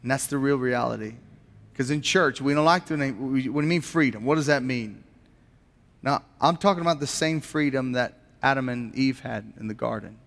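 A man's voice: mid-range voice, normal speed, vocal fry, a bit bright, in a large hall. A man preaching a sermon as a pastor, earnest and posing rhetorical questions to his congregation in a church.

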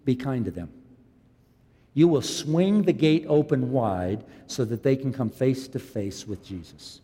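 A man's voice: mid-range voice, animated, measured pace, husky. Man preaching in a reverberant hall. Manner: impassioned preaching, rising loud then dropping quiet. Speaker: pastor. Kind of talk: sermon.

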